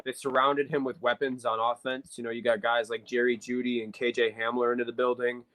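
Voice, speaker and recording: A man's voice: mid-range voice, flat delivery, brisk, fairly bright tone, poor audio. Chatty man breaking down football games. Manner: analytical, talks at length with many fillers. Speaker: podcast co-host. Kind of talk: casual sports chat.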